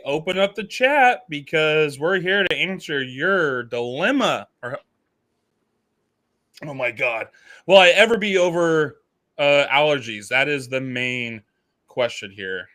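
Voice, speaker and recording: A man's voice: medium pitch, pushed and bright. A man cohosting a fantasy football podcast in easygoing, playful banter. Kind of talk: casual fantasy football chat.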